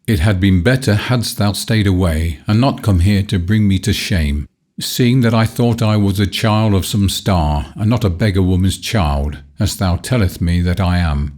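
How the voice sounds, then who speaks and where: A man's voice: sits low, normal speed, darkish tone, natural voice. A man voicing a proud, cruel boy who speaks in hard, scornful archaic phrases in a storybook reading.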